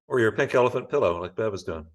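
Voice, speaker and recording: A man with a fairly low voice leads a yoga class over a video call. He gives slow, calm cues about breath and posture, speaking in an unhurried, encouraging way. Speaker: yoga teacher. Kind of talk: guiding a live online yoga class.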